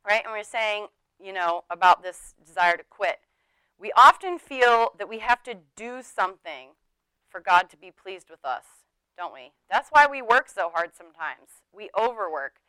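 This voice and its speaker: A woman's voice: mid-range voice, animated, moderate pace, bright, forceful tone, smooth, no room sound, rough recording. A middle-aged woman teaching a sermon in a chatty way, laughing often and acting out the people she quotes. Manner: conversational, laughing, acts out quoted speech.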